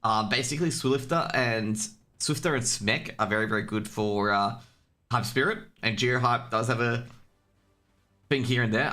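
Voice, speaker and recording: A man's voice: mid-range voice, fairly bright tone. An Australian man casting an esports match on his own stream, chatty, rambling and jokey. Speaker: esports caster. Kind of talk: casual solo stream commentary.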